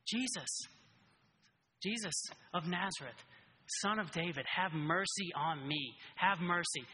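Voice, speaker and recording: A man voicing a blind male beggar who keeps crying out for mercy, pleading louder and louder. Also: high voice, unhurried. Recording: reverberant hall.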